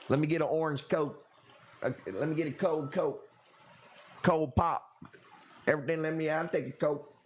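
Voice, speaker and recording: A man's voice: fairly high pitch, a little hiss or hum. A man hosting a live coral auction stream, bantering loosely and profanely with viewers and calling out bids.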